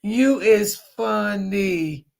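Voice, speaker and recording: A middle-aged woman hosting a casual livestream, chatting warmly and reading out viewer comments. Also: mid-range voice, extremely slow, creaky. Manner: chatty, talks straight to viewers. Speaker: livestream host.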